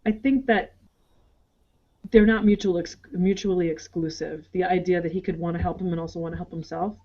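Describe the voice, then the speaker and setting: A woman co-hosting a casual show recap over a video call, animated and quick to act out people's lines. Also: lowish voice, muffled recording. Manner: animated, acts out characters' lines in quick asides. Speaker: podcast co-host.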